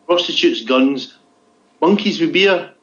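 A man's voice: fairly high pitch, expressive, takes it slowly. A man co-hosting a podcast, reading out odd news items in casual chat with a dry, teasing manner and lots of "okay?" tag questions. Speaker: podcast co-host. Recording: dull lo-fi audio.

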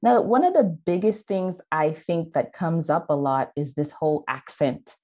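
Woman host with a deep voice, interviewer, emphatic and repetitive for effect. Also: expressive, normal speed, dark tone. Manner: emphatic, repeats phrases for weight. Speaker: podcast host. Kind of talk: conversational interview.

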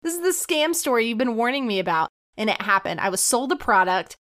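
A woman co-hosting a podcast, telling a story in an animated, laughing, breathless way. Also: on the high side, brisk. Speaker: podcast co-host. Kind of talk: casual chat, telling a story.

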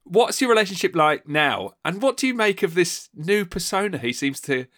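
A male podcast host asking an interviewee measured, considered questions. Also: sits high, big pitch swings, fairly bright tone, no echo, studio quality.

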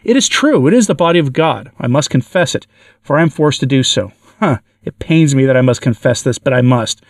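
A man's voice: medium pitch, expressive, brisk, no echo, lightly acted. A man voicing a tormented male demon who shrieks and laughs defiantly, reading it for an audio story. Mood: anguished. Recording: dry, from far off the mic.

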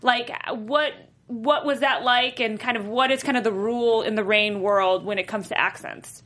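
Bright chatty woman host. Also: on the high side, steady tone, moderate pace. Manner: chatty, reads viewer questions. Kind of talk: casual interview.

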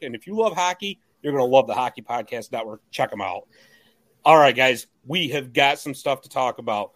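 A man hosting a casual sports podcast, hyping up his co-hosts with lively introductions. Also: fairly high pitch, no room sound. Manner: upbeat hype-man introductions. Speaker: podcast host.

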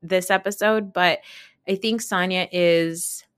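A woman podcast host recapping a reality show in a casual, chatty way, with lots of fillers and quick asides. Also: fairly low pitch, fairly even intonation, a bit bright, clean tone, no room sound, studio quality.

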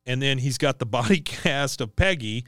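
A man's voice: medium pitch, expressive, normal speed, a bit bright, no echo, clean studio sound. A man co-hosting a podcast, casually recapping a cartoon episode and acting out the characters' lines. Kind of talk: casual chat.

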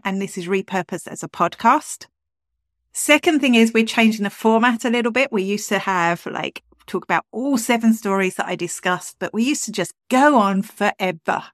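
A woman's voice: medium pitch, dry recording. Woman, podcast host, chatty and upbeat, dry close sound. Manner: chatty, upbeat, lots of asides. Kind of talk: casual chat.

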